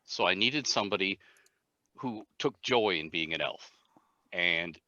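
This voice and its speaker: An older man from Canada, a guest game designer telling stories in an animated way on a casual panel chat. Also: deep voice, unhurried, no room sound. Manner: animated storyteller, leans into words. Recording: dry, dull lo-fi call audio.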